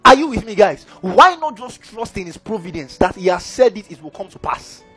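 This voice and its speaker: High-voiced preacher. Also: male voice, big pitch swings, brisk, pushed and bright, soft background music. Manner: engaging, keeps asking the audience "are we together, guys?". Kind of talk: sermon.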